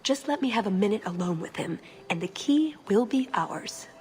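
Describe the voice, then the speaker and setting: A woman's voice: medium pitch, animated, normal speed, a little mellow, a little hiss or hum, close to an everyday voice. An actress voicing a sly female rogue in a video game, polite and wry. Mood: scheming.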